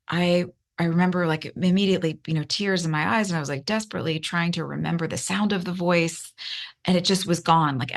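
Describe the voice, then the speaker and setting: A woman guest telling her story candidly in an interview, earnest, with many restarts and fillers, her voice climbing high when emotional. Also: fairly bright tone. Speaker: podcast guest.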